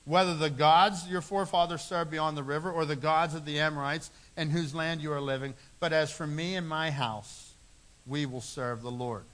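A man's voice: on the high side, steady tone, moderate pace, a bit bright. A middle-aged man preaching a sermon, earnest, repeating phrases for emphasis. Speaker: pastor.

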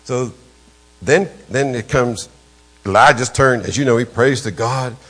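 An older man, preaching a storytelling sermon as a pastor, emphatic and jumping suddenly in pitch and volume. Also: unhurried, a bit bright, husky.

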